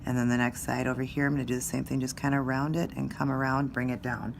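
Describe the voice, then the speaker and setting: Woman, low voice, chatty, nail art tutorial vlog, faint background hiss. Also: level tone, fast talker, gravelly. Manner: chatty, friendly, step-by-step explaining.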